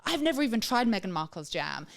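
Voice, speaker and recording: A woman hosting a podcast in casual chat, chatty and quick to laugh at her own stories. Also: mid-range voice, very animated, gravelly. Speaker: podcast host.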